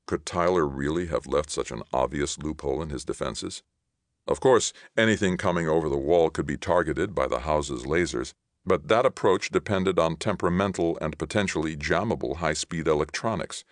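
A man giving a steady, measured audiobook reading of a science fiction novel. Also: a bass voice, no echo, clean studio sound. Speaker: audiobook reader. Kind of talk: scripted narration.

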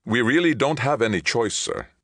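A man plays a male starship captain under attack, barking clipped, strained orders with urgency. His medium-pitched voice is sing-song and a bit bright, pitched above his natural register, at a moderate pace. The recording is dry and clean, with studio quality.

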